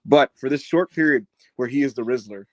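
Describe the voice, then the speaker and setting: A man co-hosting a wrestling podcast, telling stories in casual chat and loudly mimicking other fans. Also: mid-range voice, fairly quick, no room sound. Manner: animated storyteller, loud impressions of fans. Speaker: podcast co-host. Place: in Newark.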